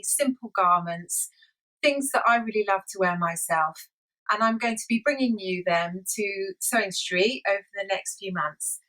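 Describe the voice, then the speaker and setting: A woman who founded a sewing pattern business, giving a short, friendly and measured promotional introduction. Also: mid-range voice, a bit bright, poor audio.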